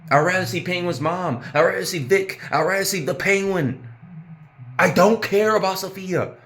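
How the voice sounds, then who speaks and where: A man's voice: high voice, moderate pace, a bit bright. A man ranting casually about a TV episode, exasperated and profane, laughing at his own jokes. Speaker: TV show reviewer. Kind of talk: casual profane review rant.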